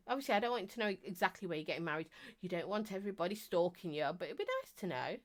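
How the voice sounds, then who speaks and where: A woman's voice: mid-range voice, fast talker, a bit bright. A middle-aged woman, chatting on a live stream as she reads out viewer comments, teasing and talking non-stop with bursts of laughter. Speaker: vape reviewer and live streamer.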